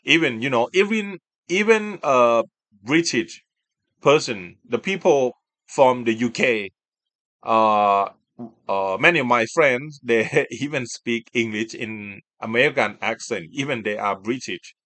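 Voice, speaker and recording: A man, an English speaker, hosting a casual chat and talking in halting, self-correcting phrases. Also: medium pitch, pushed and bright, dry recording. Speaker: video host.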